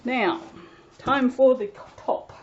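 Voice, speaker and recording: A woman's voice: high-pitched, steady tone, slow pace, lo-fi sound, slight background noise. A woman chatting casually as she works on a soap-making vlog, rambling along with self-deprecating asides. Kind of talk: casual commentary while working.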